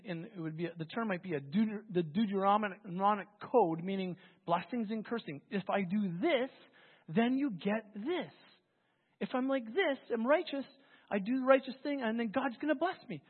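Husky-voiced pastor telling a bible story, chatty sermon, sounds like a phone line in a big reverby hall. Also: mid-range voice. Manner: conversational, animated storytelling with restarts.

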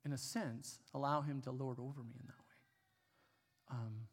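A man's voice: medium pitch, unhurried, slight background noise. A man preaching a sermon, telling a personal story in a casual, conversational way with fillers. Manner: conversational, with fillers and animated retelling. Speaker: pastor. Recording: long hall reverb.

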